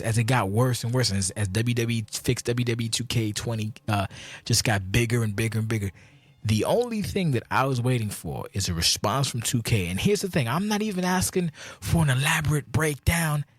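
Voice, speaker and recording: A man's voice: mid-range voice, expressive, a little fast, dry recording. Angry gamer dude venting on his channel, cussing a lot, stumbles and repeats himself, voice shoots up when he's mad. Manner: heated, profane, repetitive restarts, voice jumping up when outraged. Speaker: gaming channel host. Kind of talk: profane ranting vlog.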